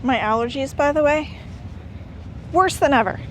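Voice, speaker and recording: Walking around a busy beach town, a female travel vlogger rambles cheerfully and with enthusiasm as she narrates. She speaks in a high-pitched voice at a normal speed, with street noise audible behind her.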